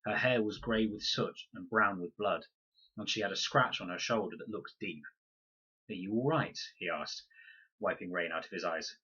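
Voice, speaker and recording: A man reads a children's novel aloud in measured, expressive storybook narration. His voice is low and very husky, yet bright and forceful in tone. The recording sounds dull and lo-fi. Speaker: reader.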